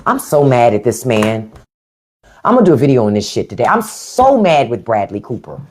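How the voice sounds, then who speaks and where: A woman's voice: a bass voice, sing-song, brisk, darkish tone, slight background noise. A woman hosting a live stream, talking bluntly and with plenty of profanity straight to her viewers. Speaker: podcast host doing a live stream. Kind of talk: unfiltered live-stream commentary. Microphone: phone or webcam on a live stream.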